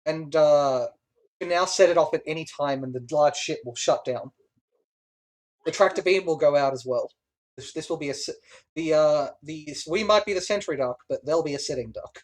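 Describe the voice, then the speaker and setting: A game master narrating a tabletop game at a middling pitch. The narration is lively, broken up by laughs, fillers and restarts. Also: moderate pace.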